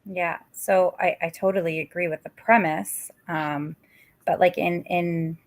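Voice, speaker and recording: A woman's voice: on the low side, steady tone, unhurried. A woman asking a parenting coach for advice, hesitant and searching for words, with lots of fillers. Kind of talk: advice conversation.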